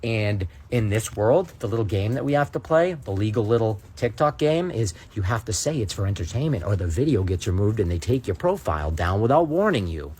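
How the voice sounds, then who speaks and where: A man's voice: on the low side, sing-song, brisk, few pauses, darkish tone, breathy edge. A man ranting straight to camera, indignant and sarcastic, daring his viewers to prove him wrong. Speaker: content creator. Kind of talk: ranting direct-to-camera monologue.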